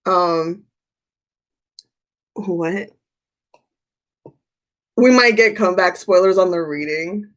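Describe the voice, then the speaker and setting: A woman's voice: lowish voice, takes it slowly, pauses often. Rambling woman hosting a casual livestream. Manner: rambling, repeats herself, animated storytelling. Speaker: tarot reader and livestream host.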